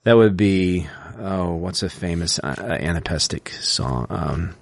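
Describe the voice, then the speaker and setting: A man co-hosting a podcast, explaining poetic meter in a lecturing way and reciting lines slowly to show the stresses. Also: deep voice, vocal fry, no room sound, clean studio sound. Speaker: podcast co-host explaining poetry. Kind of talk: casual explanatory chat.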